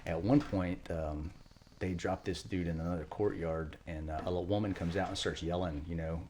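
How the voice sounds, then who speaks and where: A middle-aged man, a retired Marine, telling war stories quickly in an interview, acting out quotes. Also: sits low, a little hiss or hum. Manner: fast, animated war storytelling with acted quotes. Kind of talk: storytelling interview.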